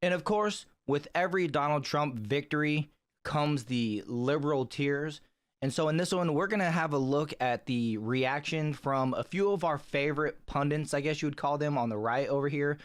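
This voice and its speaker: A man's voice: fairly high pitch, normal speed. A man hosting a channel, opening the video in an upbeat, gloating, casual way. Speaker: channel host.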